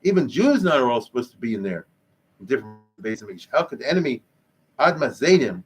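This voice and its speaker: A male rabbi teaching Jewish history in a lively, conversational lecture, explaining Hebrew terms as he goes. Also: medium pitch, fast, breathy edge.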